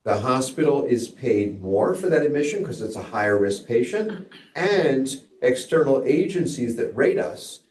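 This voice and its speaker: A man's voice: medium pitch, sing-song, normal speed, a little mellow, recorded from a distance. A man giving a hospital grand rounds lecture as a physician, conversational and digressive with wry asides.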